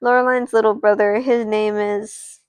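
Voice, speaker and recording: A woman's voice: mid-range voice, little pitch movement, moderate pace, clear, resonant tone, no room sound. A woman streamer casually narrating an improvised doll story, rambling and chatting to viewers. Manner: rambling, restarts, chats to viewers.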